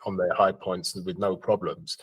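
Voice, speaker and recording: A man's voice: sits low, flat delivery, moderate pace, husky, no room sound. A man hosting a podcast, asking follow-up questions and giving brief, supportive acknowledgements. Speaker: podcast host. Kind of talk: interview questions.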